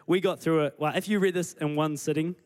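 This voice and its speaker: A man preaching a sermon as pastor, retelling scripture with lively acted-out dialogue. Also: a little high, fairly quick, smooth. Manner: animated storytelling, acting out scripture scenes.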